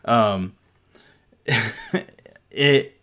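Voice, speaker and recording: A man's voice: mid-range voice, drawn-out words, smooth, muffled recording. A man from Missouri co-hosting a casual gaming chat show, rambling with many restarts, fillers and laughs. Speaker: podcast co-host.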